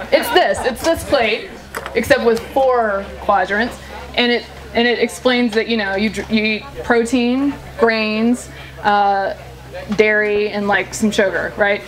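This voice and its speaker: A woman's voice: a little high, unhurried, rough recording. A woman political commentator giving a humorous, sarcastic live speech and taking questions at a party. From living in Virginia. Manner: chatty, sarcastic, laughing often. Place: indoor party venue. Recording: live room with crowd noise.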